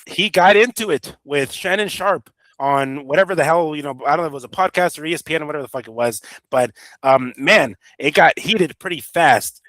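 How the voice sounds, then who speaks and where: Rambling, swearing man with a higher voice. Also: brisk, hardly any pauses, fairly bright tone, no echo. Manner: rambling, loose, profane storytelling. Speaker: boxing podcast host. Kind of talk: casual chat.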